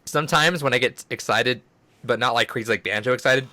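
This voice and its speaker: A man's voice: medium pitch, brisk, pushed and bright, no echo. A man co-hosting a casual gaming podcast, rambling enthusiastically with lots of "like" and "dude". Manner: enthusiastic rambling, many fillers and restarts. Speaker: podcast co-host.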